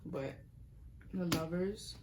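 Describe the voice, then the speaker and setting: A young woman with a fairly low voice talks through a tarot reading in a loose, rambling way. She circles back on her points and keeps cutting herself off. A faint hiss sits under her close, homemade recording. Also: slow. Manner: rambling, earnest, self-interrupting, sometimes laughing or dropping to a whisper. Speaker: tarot reader. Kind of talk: casual spoken tarot reading.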